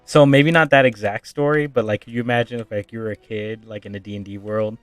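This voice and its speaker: A man's voice: lowish voice, steady tone, brisk, no room sound, faint music behind. A man casually retelling a tabletop backstory as a streamer, rambling with lots of fillers.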